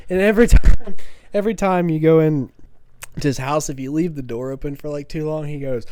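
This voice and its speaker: A man telling a funny family story in an animated, laughing way. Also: fairly high pitch, normal speed, clean tone, no room sound. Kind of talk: casual storytelling.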